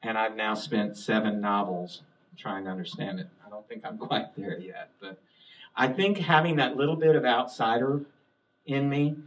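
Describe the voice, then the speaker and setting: A man's voice: fairly low pitch, steady tone, moderate pace, a bit bright. A middle-aged male author from the US South and Midwest, telling chatty anecdotes to a library audience and laughing often. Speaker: author on a panel. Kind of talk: storytelling conversation. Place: public library event room. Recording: distant mic at a live talk.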